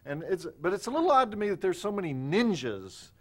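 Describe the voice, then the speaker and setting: A man with a Southern US accent hosting a talk show, teasing his guest with deadpan jokes. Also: high voice, fast. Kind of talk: comedic talk show banter.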